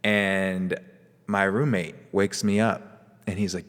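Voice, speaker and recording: A man with a lowish voice tells a personal ghost story in a loose, rambling way. He hosts the show and keeps dropping in casual fillers. A long reverb trails after his words. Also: little pitch movement, a little slow, fairly bright tone. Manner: rambling, laid-back, lots of fillers. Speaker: podcast host.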